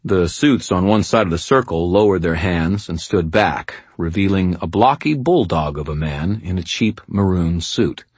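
A man narrating a first-person fantasy audiobook in a wry, measured way. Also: low-pitched, animated, husky, dry recording.

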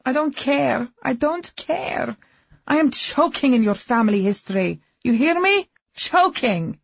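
A woman voicing a furious, sharp-tongued young wife, shouting through tears, on a dull, dry audiobook recording. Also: mid-range voice, little pitch movement, a little fast, creaky, breathy edge, no echo. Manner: shouting, indignant, tearful.

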